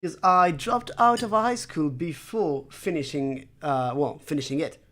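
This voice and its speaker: A conlang streamer builds an invented language live, chatting with viewers in a dry, self-mocking tone and thinking aloud with plenty of fillers. The voice is medium-pitched and a bit bright, with a measured pace. It's a casual livestream chat while working, addressed to the chat.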